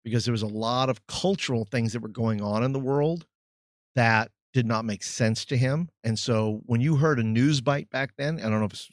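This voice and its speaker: Middle-aged man, former youth pastor, measured and reflective, dry close mic. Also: medium pitch, no echo. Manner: measured, thoughtful, searches for words. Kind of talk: reflective podcast chat.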